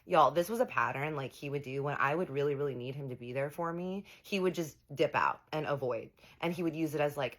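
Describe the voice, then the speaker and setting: A woman's voice: deep voice, expressive, a little fast, a bit bright. A young woman telling a personal story in a casual storytime monologue, animatedly acting out quoted dialogue with slang and swearing. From United States.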